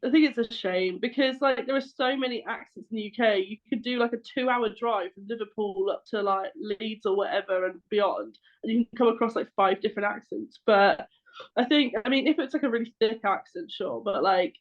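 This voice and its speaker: A woman chatting casually as a panelist, relaxed and filling her talk with "like". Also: fairly high pitch, brisk, muffled recording. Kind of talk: casual discussion.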